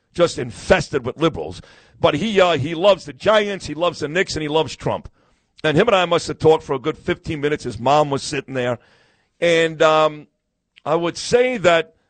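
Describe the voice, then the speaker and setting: A man's voice: fairly high pitch, dry recording. A brash, boastful man, hosting a live talk radio show and telling stories in casual chat.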